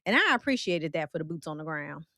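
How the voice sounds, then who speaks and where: A woman's voice: low-pitched, very animated, fast, bright, forceful tone, no room sound. Chatty Midwestern woman host, dry sound. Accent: Midwestern country. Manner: chatty and playful, reacting to viewer comments with frequent laughs. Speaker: livestream host. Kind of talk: casual livestream chat.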